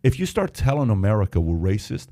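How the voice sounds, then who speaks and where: A man from Iran hosting a podcast, telling an animated story and acting out its dialogue. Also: on the low side, fast talker. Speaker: podcast host. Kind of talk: podcast discussion.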